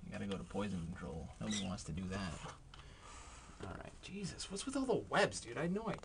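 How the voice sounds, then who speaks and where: A man chatting excitedly in a casual home vlog, sometimes hushed and whispering, sometimes jumpy and startled. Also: fairly low pitch, fast talker, gravelly, background noise. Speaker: vlogger.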